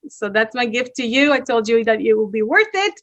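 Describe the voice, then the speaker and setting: A high-pitched woman gives a motivational webinar talk, quick and persuasive, telling stories to win her audience over. Her voice is close and dry, with no room sound around it. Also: no echo. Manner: energetic, fast and persuasive with storytelling. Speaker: speaking coach presenting to an online audience.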